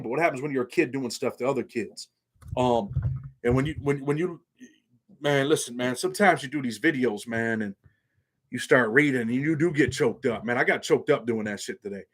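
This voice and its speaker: A man hosting a casual livestream, talking bluntly in street slang. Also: medium pitch. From New York. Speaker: channel host.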